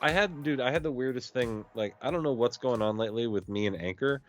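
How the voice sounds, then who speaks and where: A man co-hosting a podcast in casual chat, quick with jokes and banter. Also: mid-range voice, faint music behind. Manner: joking, banter, quips. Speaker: podcast co-host. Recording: dull dry podcast audio.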